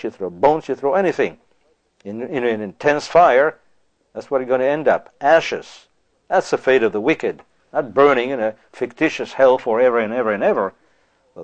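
A male preacher delivering an emphatic sermon, peppering it with rhetorical questions. He slows right down to read scripture aloud. The recording sounds a little dull and lo-fi. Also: medium pitch, a little mellow.

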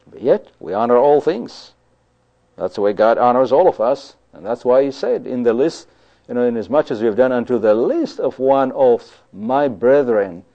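A man's voice: medium pitch, warm tone. Guy preaching a sermon, keeps going "you see", pushes his points hard, kinda muffled old recording. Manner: emphatic, repeats himself with many "you see" and "you know". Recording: dull lo-fi recording.

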